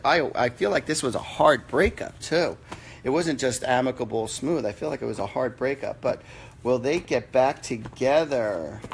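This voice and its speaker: A man hosting a live-stream psychic reading. He answers viewers' questions in an earnest, halting way, with many fillers and restarts. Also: mid-range voice, creaky, slight background noise. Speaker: psychic medium host.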